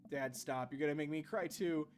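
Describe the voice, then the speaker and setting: A man's voice: on the high side, normal speed, soft background music, close to an everyday voice. A man doing a wobbly teenage daughter voice. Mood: tearful. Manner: raised, wobbly silly voice. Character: teenage girl daughter, earnest and tearful.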